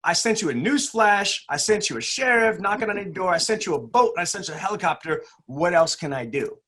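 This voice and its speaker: Guy doing god, fed up and lecturing, kinda husky. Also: high voice, expressive, brisk, bright, forceful tone, pitched above the performer's own voice, full character voice. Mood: incredulous. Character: exasperated male God in heaven.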